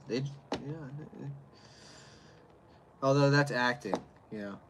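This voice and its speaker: A man's voice: mid-range voice, a little slow, long pauses, a little hiss or hum. A man with a Canadian accent, chatting casually and hesitantly as he reviews a beer on a livestream. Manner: rambling, hesitant, chuckling.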